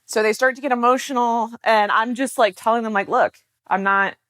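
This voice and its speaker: A woman's voice: on the high side, fairly even intonation, fairly quick, a bit bright, no echo. A woman life and mindset coach explaining her work in a casual, chatty way, full of filler words. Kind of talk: casual explanatory talk to camera.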